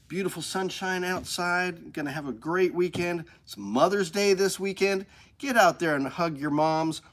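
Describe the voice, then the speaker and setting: A man's voice: high voice, a bit bright. A man from the hosting a casual live stream from a music store studio, upbeat and rambling.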